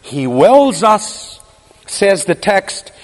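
Male preacher, high voice, impassioned sermon, long hall reverb. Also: very animated, drawn-out words. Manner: impassioned, rhetorical questions, repeats phrases for emphasis.

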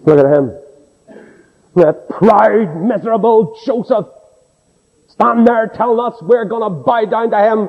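Delivering a sermon dramatically and emphatically, this man plays out each person he quotes. His voice is high-pitched, his pace measured, and he pauses often. A long hall reverb trails through the dull-sounding recording.

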